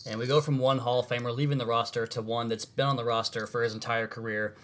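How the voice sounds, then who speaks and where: Fast-talking male sports podcast host. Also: medium pitch, little pitch movement, fairly bright tone. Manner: fast, conversational, self-correcting. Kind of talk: casual sports podcast chat.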